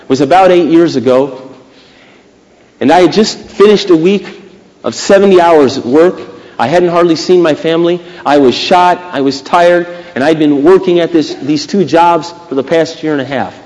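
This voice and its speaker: A man preaching a sermon emphatically, with dramatic pauses between phrases. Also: fairly high pitch, darkish tone. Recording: long reverb of a church hall.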